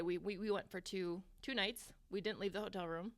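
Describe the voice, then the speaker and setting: A woman's voice: medium pitch, fast talker, hardly any pauses, fairly bright tone, dry recording. A woman co-hosting a podcast in casual chat, laughing often as she tells stories. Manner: chatty, laughs often, storytelling. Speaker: podcast co-host.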